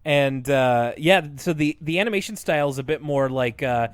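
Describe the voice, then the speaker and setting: A man co-hosting a podcast in casual chat, retelling cartoon scenes in an animated way, with lots of fillers and laughs. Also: medium pitch, normal speed, clear, resonant tone, no room sound, studio quality. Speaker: podcast co-host.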